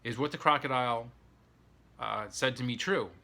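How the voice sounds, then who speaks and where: A man's voice: mid-range voice, moderate pace, gravelly, pushed and bright. A man voicing a young boy in a spoken folk tale, pleading and indignant.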